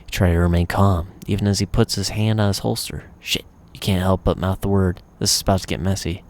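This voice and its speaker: A man reading a game's story text aloud in a relaxed way, adding casual asides. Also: low voice, fairly quick. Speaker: gamer reading a visual novel aloud.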